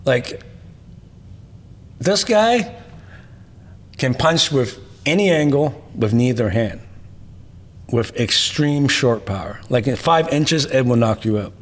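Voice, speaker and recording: A man's voice: mid-range voice, expressive, takes it slowly, pauses often. Emphatic man telling martial arts stories. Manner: emphatic, tags points with "right?"; repetitive rhetorical lists. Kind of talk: interview storytelling.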